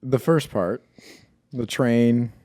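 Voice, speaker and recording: A young man co-hosting a podcast, reacting with quick interjections and thinking his ideas through out loud. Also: mid-range voice, no echo, clean studio sound. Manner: reacts with laughs and short interjections, then lays out his guesses thoughtfully. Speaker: podcast co-host. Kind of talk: casual chat.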